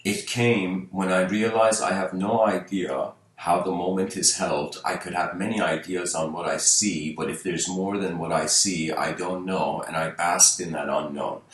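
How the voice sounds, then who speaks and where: A man's voice: sits low, fairly even intonation, a little slow, hardly any pauses. Musing man in an echoey room. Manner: musing, full of rhetorical questions. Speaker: spiritual lecturer. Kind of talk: unscripted spiritual talk.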